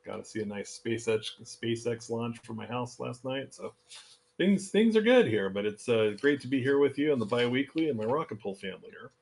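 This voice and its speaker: Relaxed man hosting a call, filler-heavy. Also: medium pitch, creaky. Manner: relaxed, halting with frequent fillers. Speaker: host. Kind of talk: casual community call.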